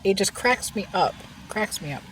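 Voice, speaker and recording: A woman's animated, medium-pitched voice has a fairly bright tone and a breathy edge, at normal speed. She eats and vlogs from a car as a mukbang creator, telling loose, gossipy stories punctuated by laughter.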